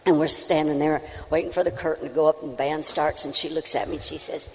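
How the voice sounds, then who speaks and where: A woman, a country singer, telling a folksy, animated comic story on a live stage before an audience. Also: deep voice, quick pace, slight background noise. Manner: folksy, animated, with acted-out voices. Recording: reverberant live hall.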